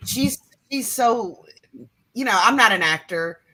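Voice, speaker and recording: A woman's voice: a little high, animated, a little slow, bright, forceful tone, rough recording. A woman in a casual fan discussion, enthusiastic and appreciative. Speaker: fan panelist.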